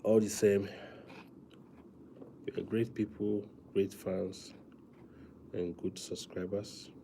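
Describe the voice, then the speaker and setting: A man chatting casually to viewers on a live stream, talking softly with many fillers because he is feeling weak. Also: on the low side, flat delivery, noisy background. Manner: soft, drawn-out talk with many fillers.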